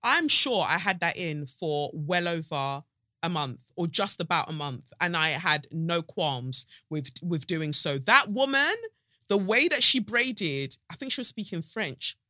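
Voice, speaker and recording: A woman in her thirties hosting a podcast in casual, animated chat, laughing often. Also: on the low side, unhurried, no echo, clean studio sound. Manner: chatty, animated, laughs and breaks into song. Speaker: podcast host.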